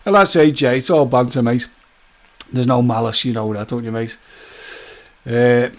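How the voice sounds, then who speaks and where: A man hosts a relaxed live stream, bantering with his viewers and calling them by name. He laughs easily and keeps a friendly, jokey tone. His voice sits at an ordinary middle pitch. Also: normal speed.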